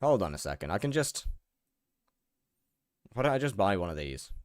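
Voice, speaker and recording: A man's voice: lowish voice, very animated, moderate pace, dry recording, studio quality. A young man chatting casually while he streams a game, rambling, repeating words and answering his chat.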